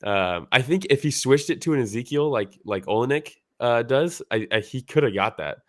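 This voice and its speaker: A man's voice: medium pitch, expressive, moderate pace, dry recording, clean studio sound. A man co-hosting a podcast, chatting casually about a fight in a rambling way, full of fillers. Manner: rambling, full of "like" fillers, laughs while retelling. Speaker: podcast co-host. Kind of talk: casual fight analysis chat.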